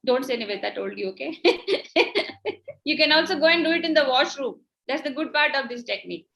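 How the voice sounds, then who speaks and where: A woman's voice: high voice, lively intonation, fairly quick, vocal fry, fairly bright tone, rough recording. A woman with an Indian English accent leading an online workshop, guiding a tapping and breathing exercise in an encouraging, instructive way. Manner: encouraging, instructive, laughs easily. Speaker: workshop facilitator.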